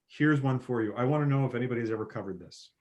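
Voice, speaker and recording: A man talking films in a relaxed podcast chat. He gets animated as he retells scenes, jumping to loud bursts when quoting characters. His voice sits at an ordinary middle pitch. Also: fast talker. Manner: animated storyteller, acts out film scenes with sudden loud bursts. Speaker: podcast guest. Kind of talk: casual film chat.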